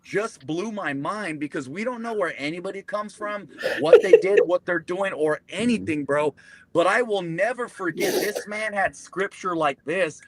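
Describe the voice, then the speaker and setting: A man's voice: high voice, moderate pace, crowd noise. A man, a military veteran, casually telling a profane war story and acting out the people in it. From United States. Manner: profane, animated, acts out quoted voices. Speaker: podcast guest, Marine veteran.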